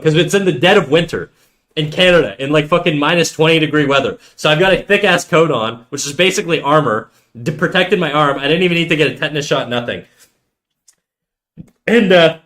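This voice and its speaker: A man live streaming, telling a story to his chat in a casual, animated and profane way. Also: a little high, fairly quick.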